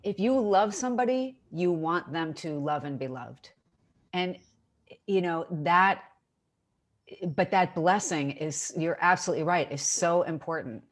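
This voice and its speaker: A woman's voice: on the low side, a little slow. A woman hosting an interview, speaking effusively and stammering through repeated starts. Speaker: interview host. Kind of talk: casual conversational interview.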